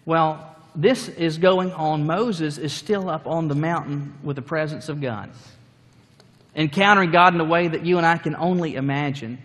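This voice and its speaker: A man preaching a sermon, telling the story with lively acted-out scenes. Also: a little high, moderate pace, long reverb tail. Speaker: pastor.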